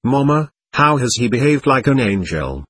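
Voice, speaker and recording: A man's voice: medium pitch, big pitch swings, normal speed, a bit bright, breathy edge, no room sound, studio quality. A man reading the lines of a petulant, demanding teenage girl who complains insistently.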